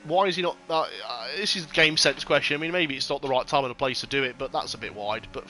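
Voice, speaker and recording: A man giving casual, excitable sim racing commentary with lots of banter and swearing. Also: a little high, fast talker. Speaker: race commentator.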